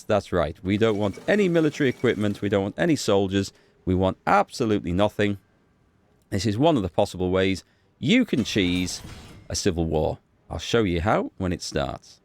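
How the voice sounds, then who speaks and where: Deep-voiced man musing over a strategy game. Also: darkish tone. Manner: thinks aloud, musing with fillers and small restarts. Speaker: gaming YouTuber. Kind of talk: casual gameplay commentary.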